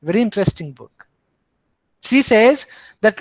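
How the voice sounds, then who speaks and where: Pausing at length and keeping a measured pace, a man lectures on philosophy in an Indian English accent, his high voice animated and the recording dry. He asks rhetorical questions and takes on the first-person voice of the tradition he's presenting.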